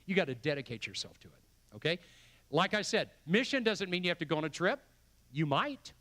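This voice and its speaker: A man's voice: a little high, sing-song, brisk, bright, forceful tone. An older man preaching a sermon as pastor, emphatic and building with repeated phrases. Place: church sanctuary.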